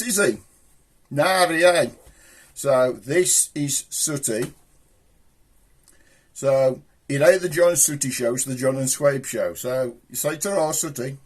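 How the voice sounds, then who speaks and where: Comic host: Black Country man, husky, a touch high, cheeky rambling patter. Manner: broad, cheeky, rambling banter. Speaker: puppet show host. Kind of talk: comic chat with a puppet.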